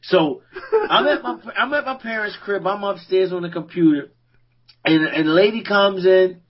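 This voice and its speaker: A man co-hosting a podcast, telling stories in a casual, animated way and laughing often. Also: high-pitched, moderate pace. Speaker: podcast co-host. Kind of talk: casual storytelling chat. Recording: dull lo-fi recording.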